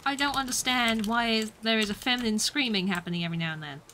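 A woman streamer chats playfully through her game, swinging into sudden exclamations. Her voice is high and bright. A faint noise sits under the recording. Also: fast talker. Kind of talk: casual gameplay commentary.

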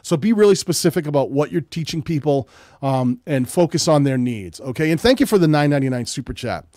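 Blunt, hoarse man hosting a live stream. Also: a little high, animated, brisk, dark tone, no echo, studio quality. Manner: direct, blunt coaching with many "um"s. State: losing his voice from illness. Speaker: live stream host reviewing viewers' channels. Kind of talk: casual live-stream advice. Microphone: streaming setup mic.

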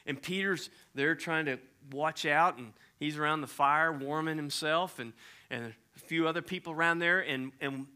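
A man's voice: on the high side, moderate pace, bright, forceful tone, clean tone. A man preaching a sermon, telling stories in a casual, conversational way with slang. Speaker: pastor.

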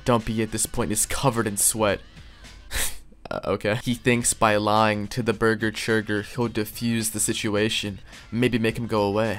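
A man's voice: fairly low pitch, flat delivery, moderate pace, faint music behind. A man reading fan fiction aloud on his channel, breaking off into sarcastic, profane, mock-outraged comments. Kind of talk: comedic reaction reading.

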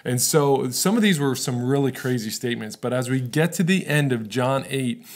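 A male pastor preaches in an easygoing, conversational way, speaking at a mid-range pitch. He keeps checking in with his listeners and stays relatable rather than lofty, like a friend talking through scripture. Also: normal speed. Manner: casual, relatable, often checks in with "right?". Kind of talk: conversational sermon.

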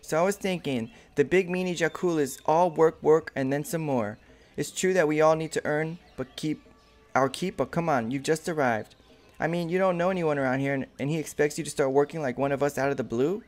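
A man's voice: on the high side, a little fast, a little mellow, natural voice. A man voicing a friendly, chatty lizard villager in a game, read in a plain everyday voice.

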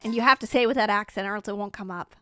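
A young American woman chatting excitedly while livestreaming a game, reading out chat and reacting with bubbly exclamations. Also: medium pitch, very fast, a little hiss or hum. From United States. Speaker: streamer. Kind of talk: live game commentary.

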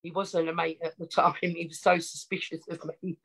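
This woman's husky, lowish voice comes through poor audio, her delivery flat and her pace moderate. A podcast guest with an Essex accent, she recounts her life in a chatty, candid, self-deprecating way during a casual storytelling interview.

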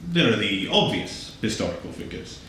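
A man's voice: on the low side, sing-song, normal speed, heavy reverb, music in the background, poor audio. A man speaking solemnly and grandly in a documentary interview. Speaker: bearded interviewee.

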